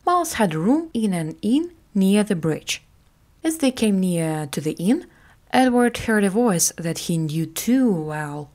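A woman teacher narrating a classic story in a slow, clear, careful way for English learners. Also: medium pitch, big pitch swings, darkish tone.

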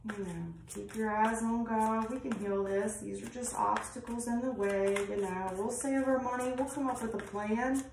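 A woman's voice: on the high side, fairly even intonation, normal speed, creaky, few pauses, darkish tone. A woman giving a casual tarot reading, talking bluntly and rambling, with frequent swearing. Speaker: tarot reader. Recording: roomy, distant mic, faint noise.

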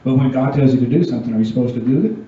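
Speaking very fast in a dark-toned, mid-range voice, this youth pastor delivers a sermon to young people, reading scripture and casually questioning the listeners. He's captured from far off in a church meeting room, where the sound is echoey and dull.

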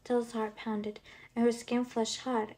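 A woman's voice: on the high side, flat delivery, measured pace, a little mellow. A woman narrating a novel for an audiobook, reading evenly with some expression.

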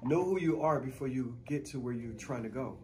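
A man talking casually as a guest in a radio interview, an animated storyteller who uses street slang and laughs easily. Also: mid-range voice, a little fast, a little hiss or hum. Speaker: guest choreographer.

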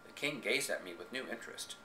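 A man's voice: on the low side, animated, fast, pushed and bright. A man reading a story aloud in the first person with dramatic expression, recorded on a home camcorder in an echoey room. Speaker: reader.

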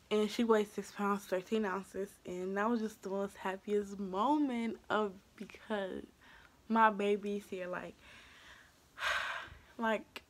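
A young woman vlogger telling a personal story in a casual, animated way, acting out what people said and swinging from hushed to loud. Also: medium pitch.

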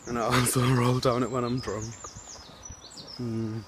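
A man's voice: mid-range voice, level tone, unhurried, heavy background noise. A young man vlogging on a town street into a phone, chatty and self-mocking. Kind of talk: casual vlog chat.

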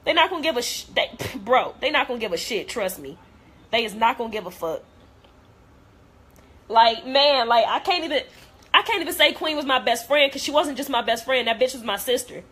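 A woman's voice: on the high side, lively intonation, fairly quick, bright, forceful tone, husky. A young adult woman vlogger in a blunt, profane, hurt and heartfelt rant to camera.

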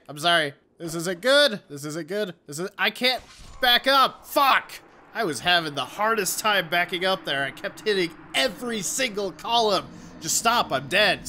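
A young man narrates his own gameplay in profane, joking commentary, blurting loud reactions. His voice is high and bright with wide swings in pitch, and he talks at an unhurried pace. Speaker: let's play gamer.

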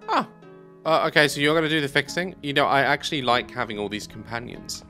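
A man's voice: mid-range voice, quick pace, bright, forceful tone, faint music behind. A man giving let's play commentary on a video game, chatty and bemused, thinking aloud as he plays. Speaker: gaming YouTuber.

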